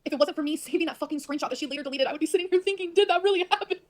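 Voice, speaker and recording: A woman's voice: high voice, rapid-fire, a little mellow. A woman on a livestream, rambling to her viewers in a flustered way and swearing a lot.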